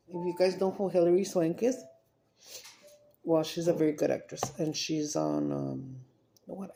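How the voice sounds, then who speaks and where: A middle-aged woman, her voice heavily gravelly and fry-laden, sitting at a lowish pitch. She rambles along while eating at home, swearing offhandedly and dropping Spanish phrases. The tone is dark and mellow. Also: slight background noise. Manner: rambling, chatty, casual swearing, drops into Spanish. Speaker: mukbang vlogger. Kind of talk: casual chat while eating on camera. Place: at home, indoors.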